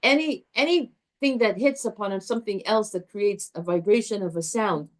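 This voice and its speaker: Animated woman teaching a Torah class. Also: medium pitch, moderate pace. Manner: animated, warm with students, restarts often.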